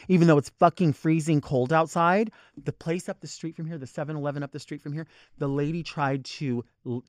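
A man hosting a podcast, ranting comedically in an animated, profane way about everyday annoyances. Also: a little high, dry recording. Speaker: podcast host. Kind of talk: comedic rant.

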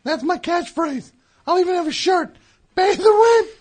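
A man's voice: extremely high pitch, normal speed, faint music behind. A man voicing a hacky, touchy male squirrel comic who tells corny jokes and grumbles, in a studio comedy bit. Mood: chatty. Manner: corny joke-telling, self-pitying grumbling. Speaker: recurring comedy character. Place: radio studio.

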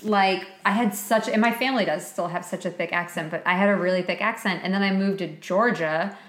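A woman's voice: medium pitch, fairly quick, a bit bright, echoey room. A woman from Massachusetts co-hosting a podcast, chatting casually and swearing now and then. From Massachusetts South Shore. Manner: chatty, quotes characters in put-on voices, swears. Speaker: podcast co-host. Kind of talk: casual chat.

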